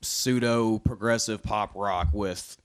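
A man's voice: on the low side, steady tone, slow, clear, resonant tone. A man co-hosting a podcast, talking in an easygoing way and laughing often. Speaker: podcast co-host. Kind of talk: casual chat.

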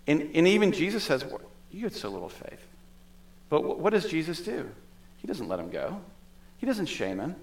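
A male pastor preaching a sermon in a conversational way, with asides and the odd laugh. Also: a little high.

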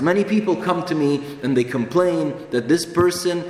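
A man's voice: a little high, moderate pace, darkish tone. A man preaching a sermon in an earnest, emphatic way, repeating phrases for stress. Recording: echoey hall with long reverb, faint ambience.

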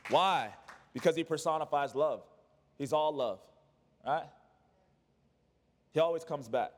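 A man preaching a sermon as pastor, swinging between raised, urgent lines and quiet, hushed ones. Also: fairly high pitch, a little slow. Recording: long reverb of a church hall.

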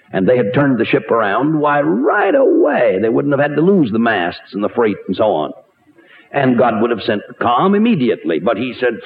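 Animated preacher on tinny old radio. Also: male voice, normal speed. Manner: animated, rhetorical questions, wide swings in pitch. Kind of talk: radio sermon. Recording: tinny narrow-band radio recording.

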